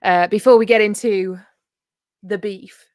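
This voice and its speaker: A woman's voice: mid-range voice, fairly even intonation, measured pace, darkish tone, dry recording, clean studio sound. A woman co-hosting a livestream in a casual, giggly chat full of fillers. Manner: giggly, chatty, many fillers. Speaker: co-host of a livestream.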